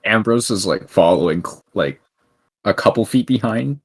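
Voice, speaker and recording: Deep, husky-voiced man player. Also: lively intonation, normal speed. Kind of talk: describing his character's actions in a tabletop game.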